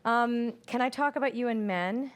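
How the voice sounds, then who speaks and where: A woman psychic medium doing a live reading in a studio, animated and quick to repeat what she hears. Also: fairly high pitch. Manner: animated, repeats spirit messages, laughs often.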